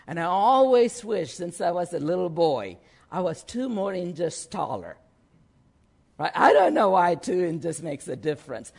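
Slow, lively male preacher. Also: on the high side, vocal fry. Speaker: pastor. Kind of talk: sermon.

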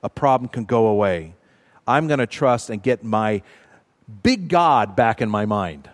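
A man preaching a sermon, teaching earnestly and slowly repeating short commands for his listeners. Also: lowish voice, lively intonation. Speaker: pastor. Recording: long reverb of a large hall.

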